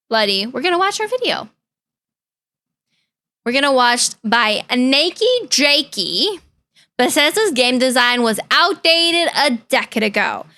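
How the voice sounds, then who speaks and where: A woman's voice: high voice, sing-song, a little slow, sharp tone. A young woman streamer chatting casually and playfully with her viewers, caring and chatty. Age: young adult. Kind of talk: casual reaction-stream chat.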